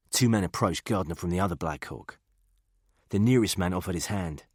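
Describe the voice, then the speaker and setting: Deep husky male audiobook narrator. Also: no echo, clean studio sound. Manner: steady, measured reading. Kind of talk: scripted narration.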